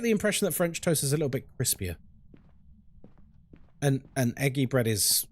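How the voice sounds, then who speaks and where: A man's voice: medium pitch, sing-song, normal speed. A young man streaming a ghost-hunting game live, chatting casually with his chat while he plays and reacting to what happens in the game.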